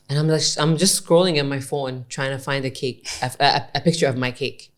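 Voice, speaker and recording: Low-voiced woman telling a story. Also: a little fast, few pauses. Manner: animated storyteller, mixes English with Arabic, says "blah, blah, blah". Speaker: podcast co-host. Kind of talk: casual storytelling chat.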